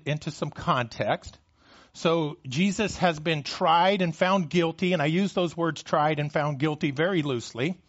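A man's voice: fairly high pitch, muffled recording. A man preaching a sermon as a pastor. He stumbles and repeats words as he starts phrases, and his voice rises when he reads scripture aloud.

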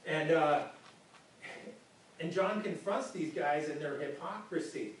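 A man's voice: on the high side, slow, slight background noise. Man preaching in an echoey hall. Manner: conversational, repeats words often. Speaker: pastor. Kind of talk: sermon. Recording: echoey room from far off.

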